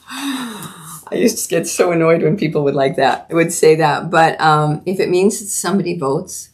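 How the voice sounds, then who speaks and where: Earnest, emphatic woman, lowish voice. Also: expressive, a little slow, long pauses. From Canada. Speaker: podcast host. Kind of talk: solo commentary.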